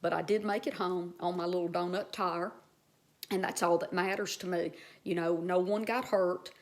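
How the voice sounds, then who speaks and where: A woman's voice: on the low side, steady tone, normal speed. A woman vlogger earnestly telling a personal story to her viewers, with many fillers and restarts.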